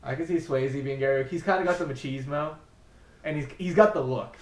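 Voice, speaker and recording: A man co-hosting a casual chat show, animated and laughing, with swings between loud and soft. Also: on the high side, brisk. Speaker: podcast co-host. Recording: echoey room, off mic.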